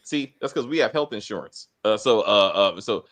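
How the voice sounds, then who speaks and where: A middle-aged man hosting a casual TV review chat, rambling, swearing and talking in an animated way. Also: lowish voice, normal speed. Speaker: TV review host.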